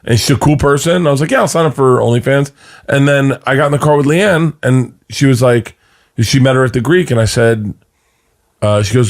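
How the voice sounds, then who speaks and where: Husky, animated man in his fifties. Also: mid-range voice, fast talker, no echo, studio quality. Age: 50s. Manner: animated, rambling anecdotes. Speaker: podcast guest comedian. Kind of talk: casual podcast storytelling.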